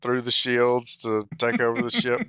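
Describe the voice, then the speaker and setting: A man's voice: mid-range voice, completely flat delivery, moderate pace, bright, forceful tone, clear, resonant tone, no echo. A man co-hosting a live-stream podcast, chatting casually with wry, critical humour. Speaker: podcast co-host.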